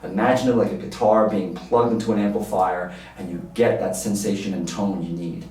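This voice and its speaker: A man teaching a singing lesson, coaching and encouraging the listener through warm-ups. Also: lowish voice, steady tone, brisk. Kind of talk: vocal lesson with demonstrations. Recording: very echoey room, voice from far off the mic. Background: piano.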